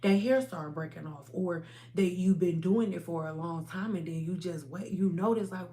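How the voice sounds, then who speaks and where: A woman hosting a hair care livestream from home, talking to her viewers in a casual, animated and emphatic way. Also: on the low side, normal speed.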